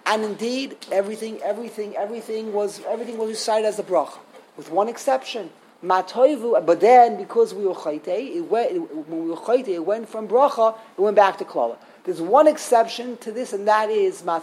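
A man's voice: high voice, darkish tone, slight background noise, low-quality recording. Emphatic man teaching a Torah sermon. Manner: emphatic, rhetorical questions, repeats and restarts words.

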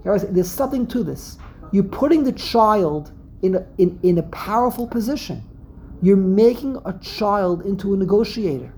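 A woman from Brooklyn with a Brooklyn accent, giving a religious lesson with an animated storyteller's habit of repeating and restarting phrases. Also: medium pitch, normal speed, slight background noise, rough recording. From Brooklyn, USA. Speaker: religious teacher. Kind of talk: Passover lesson talk.

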